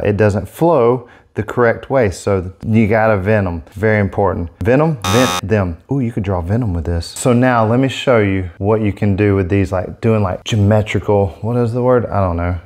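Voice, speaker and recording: Hyped up guy demoing art markers on his vlog, super excitable. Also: on the low side. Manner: excitable, gushing exclamations. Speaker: airbrush artist demonstrating markers. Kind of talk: casual product demo vlog. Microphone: set-up microphone.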